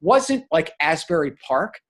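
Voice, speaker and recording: An older man with a slightly husky, higher-pitched voice chats casually as co-host. He is animated and rambling, and he keeps adding "okay?" to his points. He comes from New Jersey. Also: a little slow. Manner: animated, digressive, tags remarks with "okay?". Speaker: podcast co-host. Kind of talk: casual chat.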